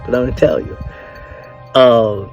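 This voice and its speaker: Over music and with lo-fi sound quality, an older man speaks at medium pitch in a steady tone and measured pace. His casual monologue offers men blunt, sermon-like marriage advice, full of profanity and emphasis.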